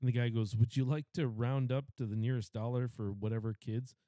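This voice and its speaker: Middle-aged male podcast co-host, laughing anecdote teller, plain mid pitch, dry close sound. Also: steady tone, a little fast, mellow, no echo. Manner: tells funny anecdotes, laughs often. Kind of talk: casual chat.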